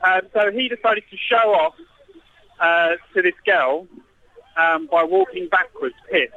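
A man's voice: high voice, lively intonation, measured pace. A man calling in to a radio show, chatting casually in a laid-back way over a tinny phone line. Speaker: phoned-in guest presenter.

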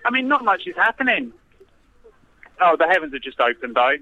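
A man's voice: high voice, sing-song, brisk, pushed and bright. A man calling in by phone from a festival, talking in a hesitant, laid-back way. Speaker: festival caller. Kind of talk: phone-in chat. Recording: dull phone line.

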